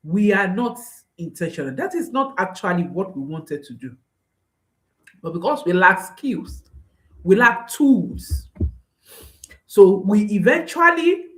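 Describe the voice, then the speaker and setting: A woman coaching parents straight to camera, speaking slowly and with a lot of rise and fall in her pitch. She is earnest and emphatic, and she comes back to her key phrases again and again. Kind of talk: direct-to-camera parenting talk.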